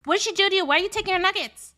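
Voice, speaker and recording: A woman voicing a tough, gum-chewing street girl who yells aggressively. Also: extremely high pitch, rapid-fire, voice pushed up. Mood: outraged. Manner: aggressive yelling, confrontational.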